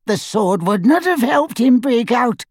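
A reader voicing a sly, higher-voiced male goblin who talks in a cold, clipped, mocking way. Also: expressive, unhurried, no echo, clean studio sound. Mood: scornful. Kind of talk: audiobook character voice.

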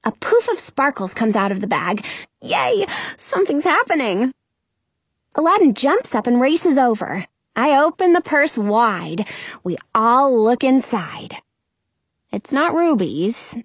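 Warm-toned children's audiobook narrator, woman, higher voice, unhurried and lively. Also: no echo. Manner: expressive, storytelling first-person.

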